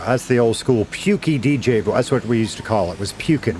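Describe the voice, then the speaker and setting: A man's voice: on the low side, expressive, a little fast, few pauses, darkish tone, a little hiss or hum. A middle-aged man, a former radio DJ, casually chatting with viewers while streaming a game, laid-back and swearing now and then.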